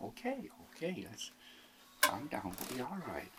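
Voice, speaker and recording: A man who teaches young children, talking gently and singing folk songs to his guitar in a home recording. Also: medium pitch, wildly swooping pitch, measured pace. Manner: gentle, soft-spoken, sings folk songs. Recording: loud guitar over the voice.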